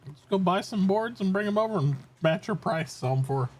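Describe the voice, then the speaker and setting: Lively easygoing male streamer. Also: high voice, fairly quick. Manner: easygoing, joking, laughs while talking. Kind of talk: casual chat over voice call. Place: home, with a pet nearby.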